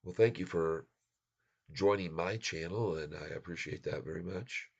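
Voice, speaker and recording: Deep voiced american guy on a live stream, chatty, laughs a lot, kinda muffled lo-fi sound. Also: normal speed, creaky, slightly rough. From United States. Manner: chatty, laughs often, mixes in French and Spanish. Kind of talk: casual live-stream chat with viewers.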